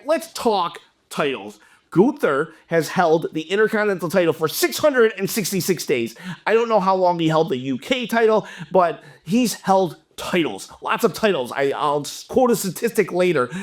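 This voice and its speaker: A young man hosting a wrestling channel, delivering an animated, exasperated opinion rant to camera. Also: high voice.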